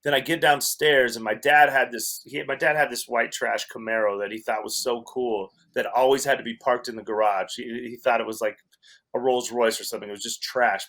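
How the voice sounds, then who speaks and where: Male podcast guest, animated storyteller, wry and self-deprecating, average pitch. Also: fairly quick. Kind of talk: storytelling in a casual chat.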